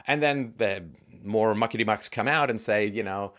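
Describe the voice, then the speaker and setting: Sardonic man with a lively voice. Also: fairly low pitch. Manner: wry and sardonic, with sighs and asides. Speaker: commentary vlogger. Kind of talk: opinionated commentary monologue.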